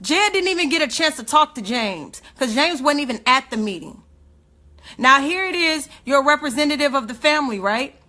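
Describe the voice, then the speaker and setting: A woman's voice: high voice, expressive, brisk, sharp tone. A woman speaking, giving an emotional, indignant livestream rant full of rhetorical questions.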